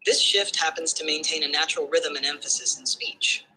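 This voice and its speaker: Medium in pitch and a little fast, a synthetic voice walks through phonetics the way a tutor would: calm, orderly steps, then a comprehension check. Audio is poor, with a slight hiss or hum.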